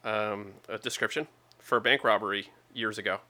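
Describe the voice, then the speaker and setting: A man's voice: on the low side, fairly even intonation, moderate pace, bright, forceful tone. A middle-aged man in casual chat, telling easygoing, self-deprecating stories with small stumbles.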